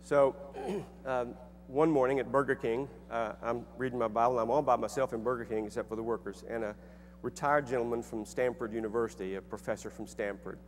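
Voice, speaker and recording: A middle-aged man, a speaker and author, tells a personal story to an audience in an earnest, conversational way, with restarts and fillers. His medium-pitched voice is fairly quick and fairly even in intonation, with few pauses, recorded in an echoey hall with faint hum.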